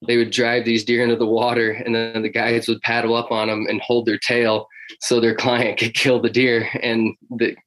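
A man's voice: mid-range voice, monotone, moderate pace, fairly bright tone, low-quality recording. A man talking casually about hunting history in an interview, rambling with many fillers and restarts. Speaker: hunting guest.

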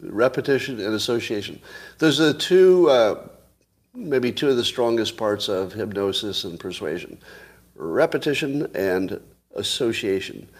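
A man's voice: on the low side, animated, measured pace, breathy edge. A man hosting a casual solo commentary, musing aloud, asking rhetorical questions and chuckling to himself. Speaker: show host commentator.

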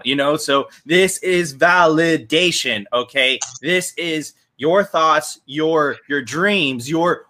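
A man's voice: medium pitch, sharp tone. A man speaking as a guest in a casual panel chat, enthusiastic and emphatic.

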